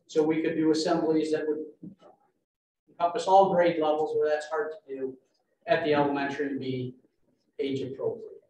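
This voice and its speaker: A man, a school administrator, methodically walks a board through an update at a public meeting, picked up from a distance in a large room. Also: high-pitched. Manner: steady, methodical, walks through points in order. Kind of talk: informational presentation at a public meeting. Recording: very echoey meeting room from far off, faint noise.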